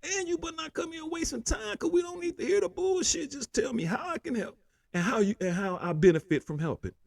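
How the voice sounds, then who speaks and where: A man's voice: very high-pitched, animated, fairly quick, vocal fry, no room sound. A man hosting a political commentary show, ranting heatedly with constant profanity and repeated "man".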